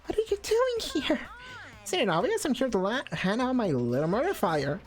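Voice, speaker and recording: A woman's voice: on the high side, sing-song, normal speed, faint music behind, pitched above the performer's own voice. A woman voicing a gleeful, mischievous male bear mascot in a video game, with a British accent and a taunting, sing-song manner.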